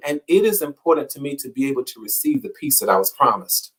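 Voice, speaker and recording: A husky, mid-range man talks fast, his pitch swinging widely as he hosts a motivational show. His inspirational delivery is preacherly and repetitive, with emphasis that surges up and then falls.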